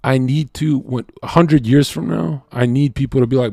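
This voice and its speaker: A man's voice: moderate pace, vocal fry, few pauses, slightly rough, no echo. Profane, rambling male streamer, dry mic. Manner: loose, profane, rambling with many restarts and rhetorical "right?"; swings from loud and worked up to low and muttered. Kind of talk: casual livestream rant.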